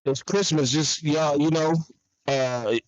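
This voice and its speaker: A man co-hosting a live podcast over a poor USB mic, animated and laughing. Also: on the high side, slow, no room sound. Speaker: podcast co-host. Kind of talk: casual live podcast banter. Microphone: USB mic, poor connection.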